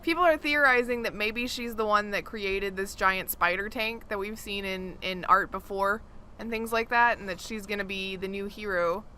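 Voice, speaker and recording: A woman co-hosting a gaming podcast, talking in lively bursts and laughing often. Her voice is bright and forward. There is a faint hiss of noise under the recording. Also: medium pitch, normal speed. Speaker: podcast co-host. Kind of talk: casual gaming chat.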